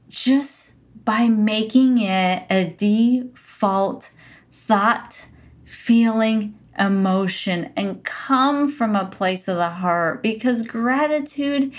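A middle-aged woman giving a motivational talk as a podcast host, earnest and emphatic, repeating her key phrases. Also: medium pitch. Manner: slow, earnest, emphatic repetition.

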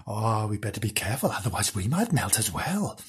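A woman's voice: very deep voice, big pitch swings, slightly rough, voice pushed down, full character voice. A woman playing a scoffing, greedy female cat. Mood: scornful. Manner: scoffing and brisk.

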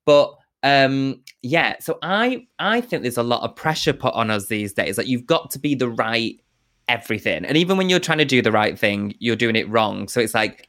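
A man's voice: on the low side, a bit bright, no room sound, clean studio sound. A man, a guest comedian talking in a frank, chatty and cheeky way. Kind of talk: casual chat.

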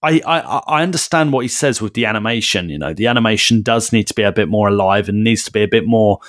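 A man's voice: fairly low pitch, quick pace, no echo. A man co-hosting a podcast in casual chat, rambling and enthusiastic on a close mic. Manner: rambling, enthusiastic, with frequent restarts. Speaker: podcast co-host.

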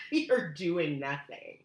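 Slow, low-voiced woman co-host. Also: very animated, roomy sound. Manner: hesitant, many fillers and restarts. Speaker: podcast co-host. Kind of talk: casual chat.

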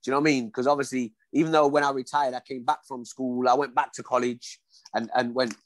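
A man's voice: medium pitch, level tone, quick pace. A man, a former boxer telling his story in an interview, acting out dialogue and often saying "you know what I mean".

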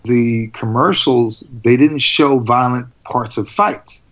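A man telling stories in a casual interview, laughing often and animated. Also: medium pitch, takes it slowly, highs cut off. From United States. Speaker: interview guest.

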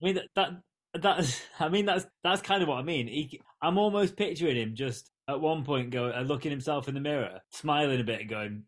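A man's voice: a little high, fairly quick. A man co-hosting a podcast, making hesitant, joking asides in casual chat. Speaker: podcast co-host.

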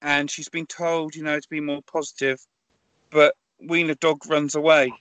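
Man, podcast film reviewer, deadpan puns, slightly high bright voice. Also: normal speed, no room sound. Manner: deadpan storytelling, punny jokes. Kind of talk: casual podcast chat.

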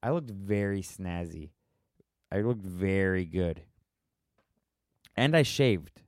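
A man's voice: low voice, lively intonation, slow, no room sound, studio quality. An American man hosting a casual solo podcast, rambling and wry as he stops and restarts his thoughts while answering listener questions. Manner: rambling, self-interrupting, wry.

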